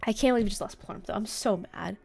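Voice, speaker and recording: A woman's voice: mid-range voice, quick pace, creaky, darkish tone, faint music behind. A woman hosting a casual let's-play, rambling and swearing in frustration as she plays. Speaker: gaming channel host.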